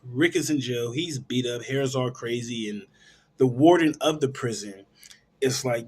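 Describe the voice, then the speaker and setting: A man's voice: mid-range voice, moderate pace, a little mellow, breathy edge. A man hosting a film show, casually retelling a movie's plot in a rambling way, full of fillers and restarts. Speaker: film review host.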